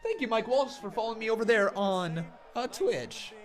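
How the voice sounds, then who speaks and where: A man hosting a live reaction stream, laughing often and shouting play-by-play when excited. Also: high voice, normal speed.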